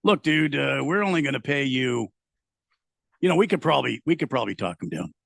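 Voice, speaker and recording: A man's voice: medium pitch, expressive, brisk, gravelly, a bit bright, dry recording. A man, co-host on a sports radio show, chatting in a dry, teasing way. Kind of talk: casual radio banter.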